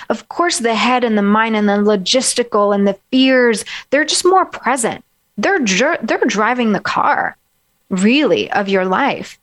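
A woman life coach giving a gentle, encouraging self-help talk and guiding the listener through slow breaths. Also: a little high.

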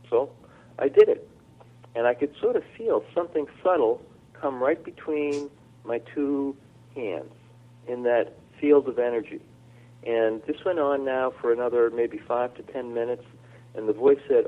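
A man telling a personal story as a radio guest, speaking slowly and haltingly with fillers. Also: mid-range voice. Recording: tinny phone line.

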